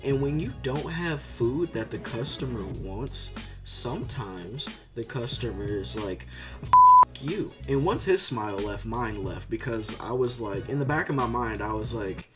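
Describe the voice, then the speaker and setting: A man's voice: medium pitch, moderate pace. Young man rambling through a story. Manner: rambling, filler-heavy, animated storytelling. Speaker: vlogger. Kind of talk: casual storytime. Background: background music.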